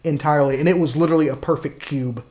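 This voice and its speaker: A young man co-hosting a casual podcast chat, telling stories with loud, animated quoted voices. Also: a little high, fast talker. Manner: animated storyteller, acts out quotes loudly. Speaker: podcast co-host.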